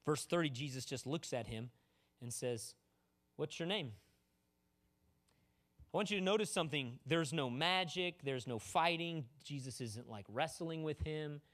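A man's voice: on the high side, lively intonation, normal speed, fairly bright tone. A man preaching a sermon in a casual, joking way, full of asides to the congregation. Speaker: pastor.

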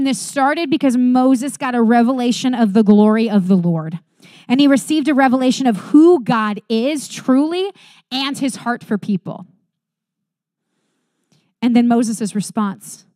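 A woman delivers a sermon, reading scripture and preaching with earnest conviction. Her voice sits a little high and swings from bright, lifted phrases to soft, quiet emphasis. The sound is close and dry, with no room echo.

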